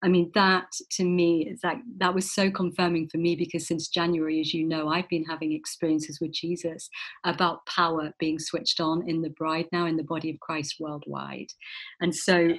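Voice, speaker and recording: A woman's voice: sits low, level tone, moderate pace, slightly rough. A woman hosting a talk show, effusive and gushing as she introduces her guest and asks about her book. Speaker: show host.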